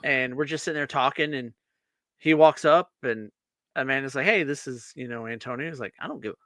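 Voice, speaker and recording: Bright-voiced man telling stories. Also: medium pitch, brisk, no echo. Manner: animated storytelling, acts out quotes. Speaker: podcast co-host. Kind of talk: casual chat over beers.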